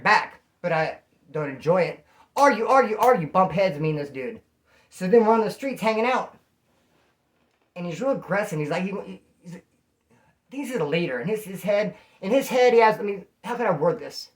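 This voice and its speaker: Man telling a story in a slangy, animated way. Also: on the high side. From California. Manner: animated, slangy, acts out quoted voices. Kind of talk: casual storytelling monologue.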